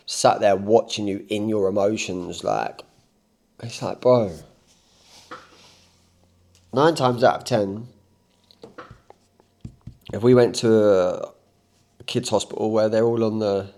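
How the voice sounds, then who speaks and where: A man's voice: fairly low pitch, darkish tone. A man, a coach giving a blunt, rambling, impassioned motivational talk, unscripted. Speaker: self-improvement coach.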